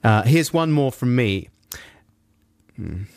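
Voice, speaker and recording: A male radio co-host, joking around and introducing music with a bouncy, laughing manner. His pitch leaps about a lot, and the close studio mic gives a dry sound. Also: expressive, slow, gravelly, a little mellow, no echo. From England. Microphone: studio microphone.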